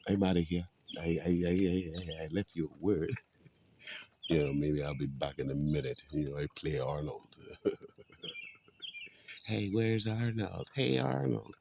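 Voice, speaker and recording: A man talks in a loose, preachy monologue, leaning on "you know" between thoughts. His voice sits extremely low with a gravelly rasp. Faint noise and birdsong run behind him. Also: warm tone. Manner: rambling, with many "you know" fillers; preachy, quotes scripture. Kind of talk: casual spoken monologue.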